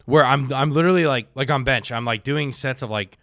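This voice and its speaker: A man's voice: medium pitch, brisk, a bit bright, no room sound, studio quality. A young man hosting a podcast, talking in a rambling, laid-back way, full of "like" and casual swearing. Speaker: podcast host.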